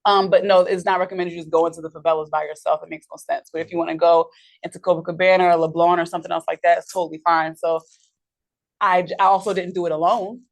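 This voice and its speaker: A woman chats candidly and quickly. Her voice sits on the lower side, and she laughs easily. She speaks as a podcast guest. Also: level tone, gravelly. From New York. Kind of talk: casual chat.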